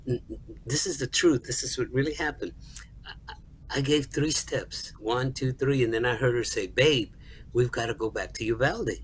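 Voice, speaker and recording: Earnest, halting middle-aged man telling a story. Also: medium pitch, slight background noise, low-quality recording. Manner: earnest, halting, repeats words and acts out quoted dialogue. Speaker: guest songwriter and music store manager. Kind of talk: emotional personal storytelling in an interview.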